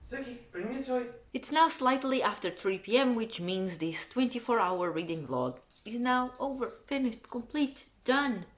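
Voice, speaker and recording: A young woman vlogger venting in a casual reading vlog, exasperated and dramatic, her voice swinging between muttered complaints and near-shouts. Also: a little high, very animated, normal speed, hardly any pauses. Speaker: book vlogger.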